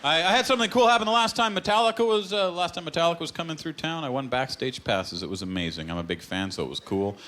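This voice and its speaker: A Canadian man performing a stand-up comedy set on a club stage, deadpan punchlines broken by sudden put-on voices. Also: on the high side, quick pace, few pauses, some chatter behind. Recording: live stage with loud audience laughter.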